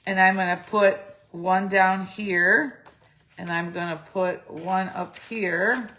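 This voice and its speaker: This casual craft tutorial features a middle-aged woman going step by step, chatting, musing aloud and revising what she says. She speaks slowly in a mid-range voice that is bright and forceful, with a steady tone and a slightly phlegmy throat.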